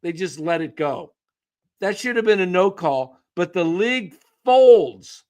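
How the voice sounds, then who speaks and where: Brief: scornful male sports ranter, slightly high voice, unhurried delivery. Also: lively intonation, a little mellow. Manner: scornful, ranting, mocking. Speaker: sports commentator ranting to his viewers. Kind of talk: casual sports rant.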